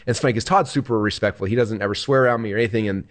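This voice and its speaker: A man talks quickly as a guest on an interview. He tells a personal story in a loose, casual way and leans on filler words. He slips into other voices when he quotes people. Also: fairly low pitch. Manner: rapid, filler-heavy, acts out quoted lines. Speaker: guest entrepreneur.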